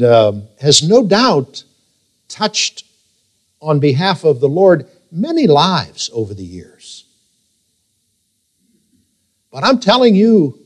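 A male pastor preaching a sermon, emphatic and reading scripture in a slow, drawn-out way. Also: on the high side.

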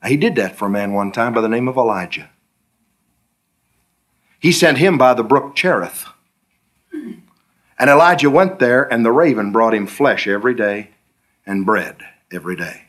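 Animated Southern preacher man. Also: normal speed, pauses often. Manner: storytelling, acts out dialogues with the Lord, pitch swooping high on questions. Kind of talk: sermon.

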